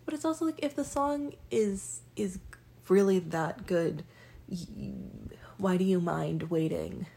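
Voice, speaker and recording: A woman's voice: lowish voice, a little mellow. A young woman talking casually to the camera as a vlogger, rambling and self-deprecating with lots of ums and restarts. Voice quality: raspy, creaky. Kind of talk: casual monologue.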